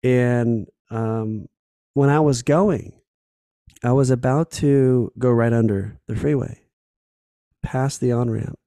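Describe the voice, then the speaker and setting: A man talks through a solo podcast episode in an easygoing, candid way, swearing freely and acting out small scenes as he goes. His voice is low and gravelly with a mellow, warm tone. It sounds close and dry. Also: steady tone, takes it slowly, pauses often, dry recording. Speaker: podcast host. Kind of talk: casual solo podcast talk.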